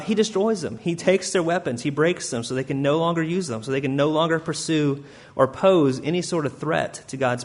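A fairly high-voiced man preaching a sermon. He talks in an earnest, conversational way, peppered with uh and um, and slows down to read scripture. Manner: earnest, uses many fillers like uh and um, reads scripture slowly. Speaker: pastor.

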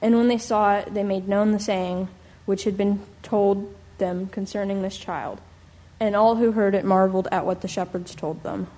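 A woman reading a Bible passage aloud in a measured, solemn way. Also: mid-range voice, fairly even intonation, mellow. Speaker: scripture reader. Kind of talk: scripture reading.

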